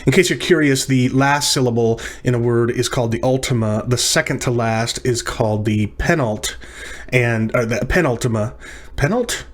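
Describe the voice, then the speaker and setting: A man's voice: medium pitch, moderate pace. Man teaching a recorded language lesson. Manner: explanatory, repeats terms with small restarts. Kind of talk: recorded lecture practice session.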